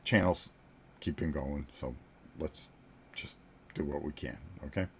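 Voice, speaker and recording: Deep-voiced joking man in his sixties. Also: measured pace, slight background noise. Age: 60s. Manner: joking, chuckles between sentences. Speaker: board game channel host. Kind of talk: casual storytelling chat to viewers.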